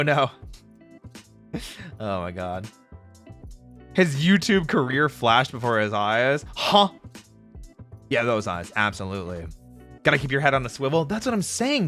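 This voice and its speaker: Lively, bright-voiced young man streamer. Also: mid-range voice. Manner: animated and jokey, laughs often, talks straight to chat. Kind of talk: casual live-stream chat answering viewers. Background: faint background music.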